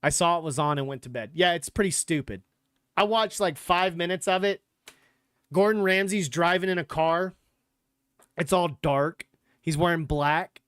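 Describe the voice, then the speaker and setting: A man's voice: fairly high pitch, normal speed, fairly bright tone, clear, resonant tone, no echo, clean studio sound. A young man hosting a livestreamed sports podcast, chatting loosely and sarcastically with some swearing. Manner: loose, rambling and sarcastic, with profanity. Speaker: podcast host. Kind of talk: casual livestream chat.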